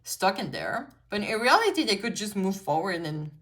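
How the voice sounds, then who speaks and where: A woman's voice: mid-range voice, very animated, normal speed, a bit bright. A woman whose first language is French gives a casual pick-a-card tarot reading, chatty and full of "like" and "you know" fillers, with frequent swearing. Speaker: tarot reader.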